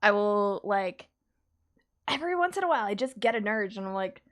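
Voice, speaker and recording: A woman artist chatting casually on a live stream while drawing, animated and laughing often. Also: medium pitch, fairly quick.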